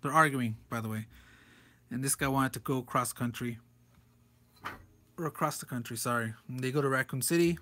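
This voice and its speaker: A man's voice: medium pitch, moderate pace, pauses often, pushed and bright. A man reviewing a comic book page by page in a loose, rambling way, chuckling often as he talks. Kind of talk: casual comic commentary.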